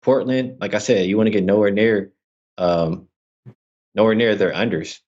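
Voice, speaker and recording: A man on a betting panel casually giving his pick, with a few halting restarts. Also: on the low side, a little mellow, highs cut off. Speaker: sports handicapper panelist.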